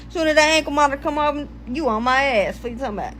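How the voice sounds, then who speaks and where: High-voiced, profane woman telling a story. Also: fast, fairly bright tone, rough recording. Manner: profane, rambling, loses her place. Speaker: storytime vlogger. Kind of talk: casual storytime monologue.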